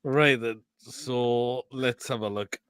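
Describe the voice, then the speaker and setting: A man with an English accent hosting a casual live stream, reading out viewer comments, swearing freely and laughing loudly. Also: mid-range voice, steady tone, slow, smooth, dry recording. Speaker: show host.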